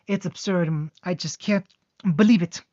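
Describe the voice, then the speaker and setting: A man's voice: on the high side, level tone, moderate pace, dry recording, close to an everyday voice. A man voicing a furious snarling superhuman father. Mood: incredulous. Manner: scornful, rising to a yell. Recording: dull lo-fi dry home recording.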